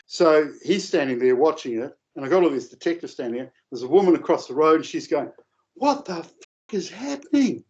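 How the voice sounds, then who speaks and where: A man telling a long, rambling anecdote in a casual, animated way, with coarse language. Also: fairly high pitch, quick pace, few pauses. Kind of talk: casual storytelling. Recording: dull lo-fi audio.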